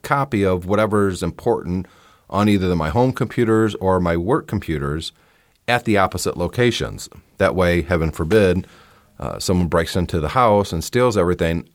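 A man's voice: low-pitched, animated, brisk, no echo, clean studio sound. A man hosting a podcast, talking casually and giving his opinions, often restarting his sentences. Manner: chatty and opinionated, with frequent restarts. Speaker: podcast host. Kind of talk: casual solo podcast talk.

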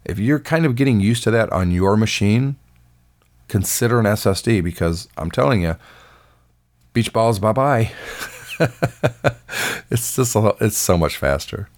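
A man hosting a casual tech podcast, chatty and enthusiastic, with a voice that sounds a little rough and off today. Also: on the low side, moderate pace, darkish tone. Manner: chatty and enthusiastic, with filler words. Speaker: podcast host.

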